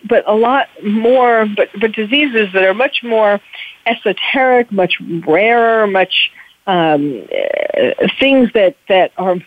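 A woman's voice: mid-range voice, no room sound. A woman hosting a talk show, delivering a frank, emphatic opinion monologue with frequent hesitant restarts. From United States. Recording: narrow phone-like radio audio.

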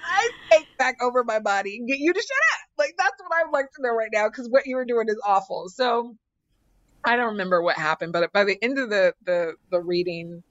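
A woman's voice: on the high side, fairly quick, a bit bright, dry recording. Dramatic storytelling woman, muffled dry sound. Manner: dramatic, acts out quotes, repeats phrases. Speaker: psychic medium guest. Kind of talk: animated storytelling in conversation.

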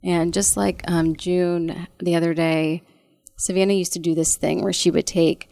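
Gravelly-voiced woman speaking haltingly. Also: lowish voice, level tone, no echo, studio quality. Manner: soft, halting, many fillers and restarts. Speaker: guest, bereaved mother. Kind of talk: casual conversation.

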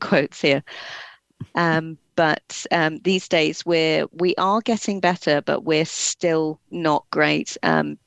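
A woman's voice: low-pitched, vocal fry, dry recording. A young English woman with a slight Scottish touch in her accent, a guest author in a casual interview, chatty and laughing between words. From England.

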